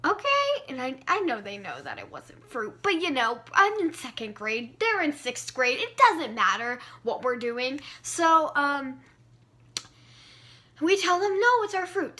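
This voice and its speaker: A woman vlogger tells a story time tale with animated, dramatic delivery. Her voice is high and bright and swings widely in pitch. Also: normal speed.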